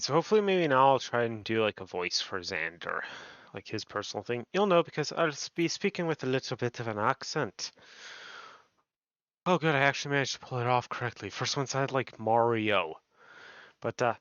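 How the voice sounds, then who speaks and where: A man's voice: medium pitch, fairly bright tone, dry recording, muffled recording. A man streaming a video game, chatting casually and rambling, with lots of fillers and self-corrections. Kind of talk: casual gameplay chat, reading quest text aloud.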